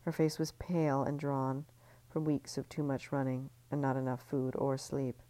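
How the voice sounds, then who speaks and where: Very deep-voiced woman reading a novel. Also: no room sound. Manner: calm, measured, occasional restarts. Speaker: author reading her novel. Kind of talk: audiobook-style novel reading.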